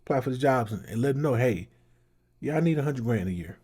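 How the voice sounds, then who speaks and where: Guy doing rambling reaction commentary, kinda husky dark voice. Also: mid-range voice, lively intonation, fast. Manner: conversational, loose and rambling. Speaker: commentary host.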